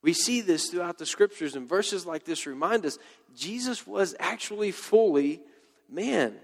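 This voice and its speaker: Guy pastor giving a sermon, kinda high voice, loose and jokey, big echoey hall. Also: lively intonation, a little slow, gravelly. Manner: conversational, joking asides with playful quoted voices.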